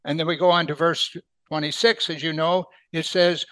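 A man preaching a Bible sermon, emphatic, lifting his voice on key words and then dropping it soft. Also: fairly high pitch, steady tone, normal speed, dry recording. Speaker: pastor.

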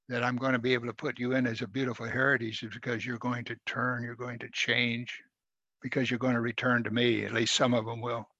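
A man preaching a sermon, reading scripture aloud with loud emphatic rises and dropping to quiet asides. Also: medium pitch, no echo. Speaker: pastor. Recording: dull lo-fi sound.

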